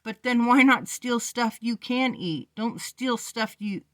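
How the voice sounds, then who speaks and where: A woman's voice: on the high side, takes it slowly, dry recording, pitched above the performer's own voice. A woman reading a novel aloud and voicing a cautious teenage boy who speaks hesitantly and tries to placate. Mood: placating. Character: cautious teenage boy, trying to stay calm.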